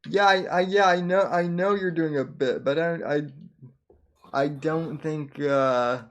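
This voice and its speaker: A man's voice: fairly high pitch, steady tone, unhurried. A man hosting a podcast, talking in a hesitant, stammering way in casual chat. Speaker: podcast host.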